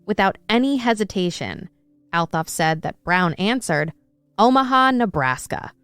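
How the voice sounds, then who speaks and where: A woman co-hosts a true crime podcast with a smooth, resonant voice. She reads out news quotes, then rants with open indignation and curses freely. She is recorded close and dry, with faint music underneath. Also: medium pitch, animated, unhurried, fairly bright tone, no echo. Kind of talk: casual podcast chat, reading quotes.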